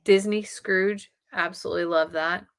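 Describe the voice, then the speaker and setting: A middle-aged woman hosting a casual live stream, chatting excitedly with her viewers. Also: on the low side, moderate pace, clear, resonant tone.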